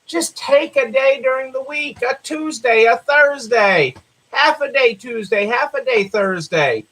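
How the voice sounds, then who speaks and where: A man's voice: very high voice, lively intonation, unhurried, fairly bright tone, poor audio. A man with a Southern American accent hosting a live stream, talking casually, repeating phrases, with many fillers. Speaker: host.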